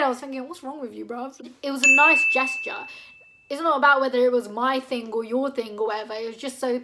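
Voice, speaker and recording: A woman, telling a personal story in a chatty, animated way and dropping low for asides. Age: 20s. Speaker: vlogger. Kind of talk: casual storytime chat.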